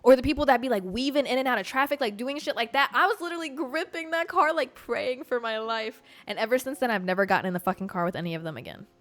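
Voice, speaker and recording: A woman hosting a podcast, telling a story in a blunt, profane, animated way. She grew up in Georgia and talks in a casual monologue. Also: a little high, fast, hardly any pauses, faint music behind. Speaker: podcast host.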